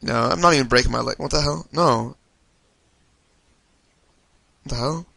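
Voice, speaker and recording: Guy narrating a let's play, bright voice, yelps and cusses at every crash. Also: medium pitch, normal speed, vocal fry, no room sound. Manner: excitable, yelps and swears at mishaps. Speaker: gaming video host.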